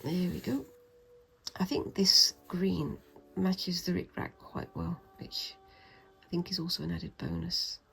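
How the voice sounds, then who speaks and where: While she works on her stitching, this British woman talks in a loose, wandering way with self-deprecating humour, growing soft-spoken at moments. Her voice is lowish and steady in tone, a little slow, creaky and slightly breathy. Soft music plays behind a low-quality recording.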